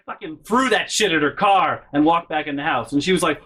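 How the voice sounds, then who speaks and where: A man's voice: fairly high pitch, a little fast. A man telling a personal story casually on his vlog, swearing often and rambling with restarts. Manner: profane, animated, rambling with restarts. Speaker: vlogger.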